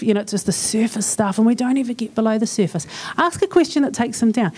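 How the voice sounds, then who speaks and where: Speaking quickly and expressively, this New Zealand woman delivers a funny church conference talk, chatting along and performing small dialogues. Her voice is warm and medium in pitch.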